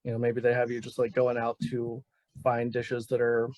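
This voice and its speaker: A man's voice: mid-range voice, monotone, normal speed, darkish tone, dry recording. Laid-back man running a tabletop game. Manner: casual, laid-back, with frequent fillers and laughs. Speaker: game master.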